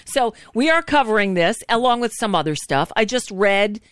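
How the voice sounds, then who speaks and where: A woman guest hosts a radio talk show in a casual, frank way, tripping over her words now and then. Her voice is smooth and clear, and the sound is dry and close to the mic. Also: medium pitch, animated, normal speed, dry recording. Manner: chatty, frank, with restarts.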